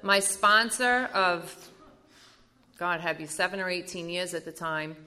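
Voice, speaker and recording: A woman giving an animated personal recovery testimony at a meeting, acting out the dialogue as she goes. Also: on the low side, a little slow.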